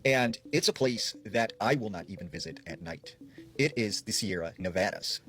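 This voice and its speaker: A man's voice: normal speed, creaky. A man casually retelling creepy campfire stories, dropping his voice to quote people. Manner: relaxed retelling, quoting people in a lowered voice. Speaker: storyteller. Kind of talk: casual spoken storytelling.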